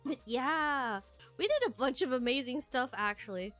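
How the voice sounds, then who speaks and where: A woman chats live with her viewers in a high, bright voice. She is playful and giggly, teases her chat and laughs often. Her talk stays loose and off the cuff. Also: moderate pace, faint music behind. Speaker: live streamer reading super chats. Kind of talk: casual live-stream chat.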